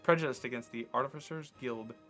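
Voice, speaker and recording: A man voicing a gruff, grumbling woman engineer, reading her lines aloud from a game's text, a touch louder than his own talk. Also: mid-range voice, quick pace, faint music behind, lightly acted. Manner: read aloud from game text, slightly louder.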